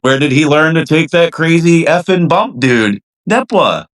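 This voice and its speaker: A man's voice: on the high side, animated, unhurried, fairly bright tone. A man as a podcast guest, laid-back and encouraging in casual chat.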